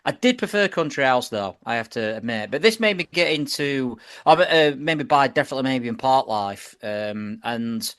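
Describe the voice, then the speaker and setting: A man, hosting a casual podcast chat, animated and swearing freely. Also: medium pitch, moderate pace, few pauses, smooth. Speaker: podcast host.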